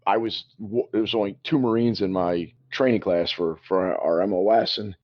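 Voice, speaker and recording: A man with a fairly low voice co-hosts a casual podcast, telling a story with animated asides and laughs. The audio is dull and lo-fi. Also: moderate pace. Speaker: podcast co-host. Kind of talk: casual chat.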